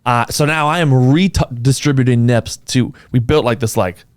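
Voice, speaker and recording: A young man hosting a podcast, telling a story in a lively, casual way, laughing often and breaking into quoted asides. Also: medium pitch, normal speed, no echo. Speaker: podcast host. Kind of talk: casual chat, animated storytelling.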